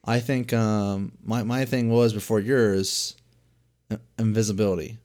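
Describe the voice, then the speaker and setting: A man's voice: lowish voice, steady tone, unhurried, darkish tone. A young man co-hosting a podcast in casual chat, rambling with lots of filler words and swearing. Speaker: podcast co-host.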